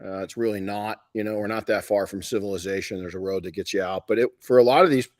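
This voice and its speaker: A man's voice: lowish voice, steady tone, quick pace, no room sound, clean studio sound. A middle-aged man hosting a live podcast, telling stories in a rambling, folksy way with many restarts. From Southern California. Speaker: podcast host and detailing educator.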